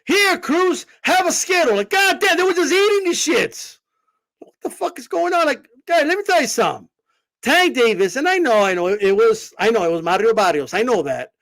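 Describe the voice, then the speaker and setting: A man with a strikingly high voice rants about boxing on a livestream, brash and profane. His pitch leaps up and down as he mocks commenters in his casual style. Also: lively intonation, brisk, a bit bright. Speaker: boxing channel host. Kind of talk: animated livestream rant.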